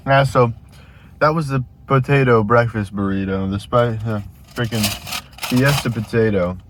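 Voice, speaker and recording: Low-voiced man rambling in an eating vlog. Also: background noise. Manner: rambling, restarts sentences. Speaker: vlogger.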